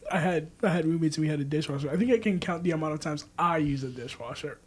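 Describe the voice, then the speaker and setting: Twenties man, high voice, animated filler-heavy group talker. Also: fast talker. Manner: animated, talks with lots of "like". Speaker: student or staff member. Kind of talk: casual group chat.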